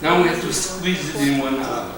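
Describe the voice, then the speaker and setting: A man in his seventies with an Armenian accent, giving a live lecture with slow, deliberate phrasing and hesitations. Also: on the high side, vocal fry, over a noisy crowd. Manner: slow, deliberate delivery with fillers, sometimes sings phrases. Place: large lecture hall. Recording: echoey hall, mic far off.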